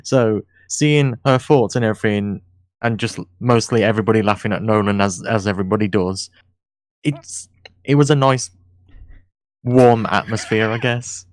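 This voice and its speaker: A man appearing as a podcast guest over a video call, talking in a relaxed, rambling way. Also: lowish voice, moderate pace, no room sound. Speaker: returning guest. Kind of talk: casual chat.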